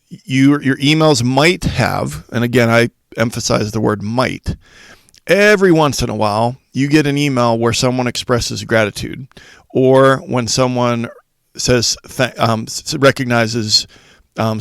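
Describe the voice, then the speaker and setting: A man hosts a solo podcast and explains his ideas one numbered point at a time. His voice is gravelly and sits in a middle range. The sound is dry and close, with no room around it. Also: mid-range voice, no echo. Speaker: podcast host for school leaders.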